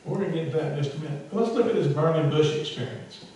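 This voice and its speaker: Male pastor, chatty sermon delivery with self-mocking humor; slightly high pitch, distant mic in a reverberant church. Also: racing, a little hiss or hum. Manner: conversational, self-deprecating humor, rises to loud emphasis. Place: church sanctuary.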